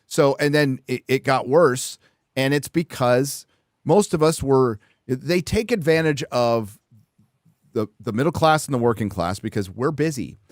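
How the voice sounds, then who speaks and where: A man's voice: mid-range voice, measured pace, no room sound, studio quality. A man hosting a casual chat podcast, speaking bluntly and emphatically and swearing freely. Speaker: podcast host.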